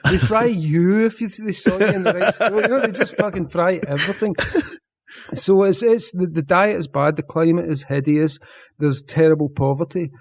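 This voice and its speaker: A man's voice: sits high, moderate pace. Dry-humored Glaswegian man in his fifties. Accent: Glaswegian Scottish. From Scotland. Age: 50s. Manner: dry, joking, laughs often. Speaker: guest, comic writer. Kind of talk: casual podcast interview.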